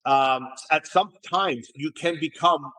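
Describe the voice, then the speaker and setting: Here the entrepreneur guest, a middle-aged man, talks slowly in a slightly high voice. His storytelling is casual and animated, marked by repeated words each time he starts over.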